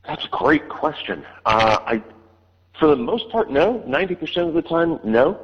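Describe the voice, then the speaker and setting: A man's voice: a little high, very animated, moderate pace, slightly rough. A man, an audiobook narrator, answering interview questions in a hesitant way, with many fillers and restarts. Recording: dull line with long reverb.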